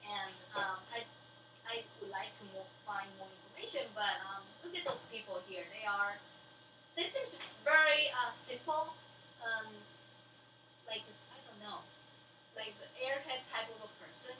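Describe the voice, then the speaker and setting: Female player, higher voice, halting delivery, recorded from a distance with faint hiss. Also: roomy sound. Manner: halting, searching for words. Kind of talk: casual role-play chat.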